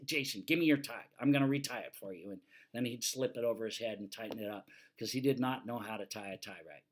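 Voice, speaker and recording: A man's voice: medium pitch, a bit bright. Older male fire safety instructor, plainspoken lecture, teasing, firm warnings. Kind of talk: lecture over slides.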